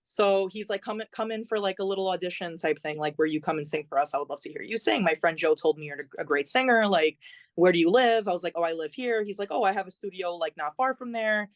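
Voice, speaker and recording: A woman's voice: lowish voice, fast talker, no room sound. A young adult woman, a podcast guest, chatting and telling her story with lots of fillers and acted-out quotes. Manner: chatty, many fillers, acts out quoted dialogue. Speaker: podcast guest, singer-songwriter. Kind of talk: conversational storytelling.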